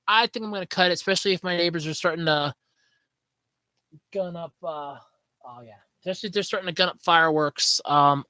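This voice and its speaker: A woman's voice: fairly low pitch, pushed and bright, no room sound, low-quality recording. A woman hosting a solo podcast from home, telling a story in a chatty, sarcastic way. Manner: chatty and sarcastic, with swooping emphasis. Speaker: podcast host.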